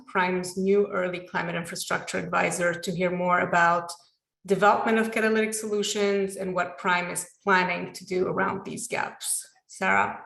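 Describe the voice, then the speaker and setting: A woman moderating a panel who gives an upbeat, brisk summary of the discussion. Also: fairly low pitch, gravelly, fairly bright tone. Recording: echoey room.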